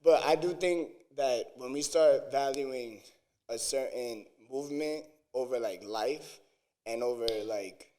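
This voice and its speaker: An artist being interviewed, talking in an earnest, halting way with lots of fillers. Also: male voice, medium pitch, dark tone. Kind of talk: casual interview chat.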